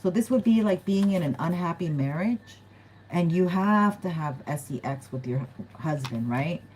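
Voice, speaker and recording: Speaking at normal speed in a low-leaning, darkish, expressive voice, a woman chats through a tarot reading for her viewers. She giggles frequently and acts out quoted voices of other people. It's a rough recording with a little hiss or hum.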